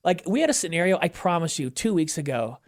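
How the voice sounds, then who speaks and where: A middle-aged man, a guest on an interview show, talking candidly and with feeling, with emphatic swings in pitch. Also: fast talker. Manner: animated storyteller who acts out quoted voices. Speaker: podcast guest. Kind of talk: conversational interview.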